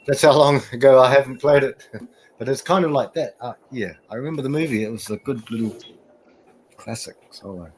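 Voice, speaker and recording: A man co-hosting a podcast in casual banter, talking quickly and trailing off. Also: mid-range voice, husky. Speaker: podcast co-host.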